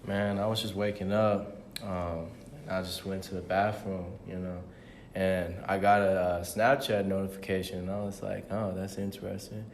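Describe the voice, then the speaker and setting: A man's voice: low-pitched, little pitch movement, normal speed, reverberant, a little hiss or hum. A young man co-hosting a podcast, telling a story in a laid-back, slangy way. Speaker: podcast co-host. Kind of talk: casual chat.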